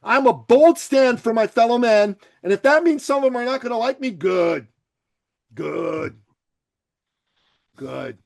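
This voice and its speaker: Blunt, swearing man with a high voice. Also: a little fast, few pauses. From Iran. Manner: blunt, swears freely, shifts from loud to quiet. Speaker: podcast guest. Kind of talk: forceful opinionated interview talk.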